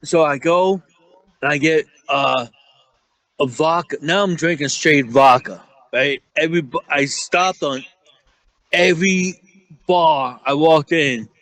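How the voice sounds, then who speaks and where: A man's voice: a little high, takes it slowly, fairly bright tone, rough recording. Profane New York man telling stories. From Staten Island, New York. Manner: profane, rambling, acts out quotes. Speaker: guest storyteller. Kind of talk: casual storytelling chat.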